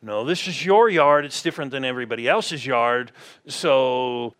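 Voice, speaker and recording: A man's voice: medium pitch, moderate pace, a bit bright. A man preaching a conversational sermon in a church, often asking the congregation questions. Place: church sanctuary.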